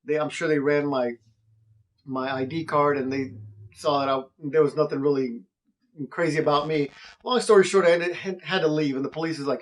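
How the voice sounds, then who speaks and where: A man's voice: on the high side, normal speed. A man, a real estate investor, casually telling a story to camera and acting out the people in it. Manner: animated, acts out quoted voices.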